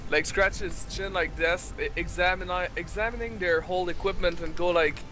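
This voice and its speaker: A man's voice: sits high, steady tone, moderate pace. A man playing in a tabletop game, describing his actions in a hesitant way. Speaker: player. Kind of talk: in-character tabletop roleplay.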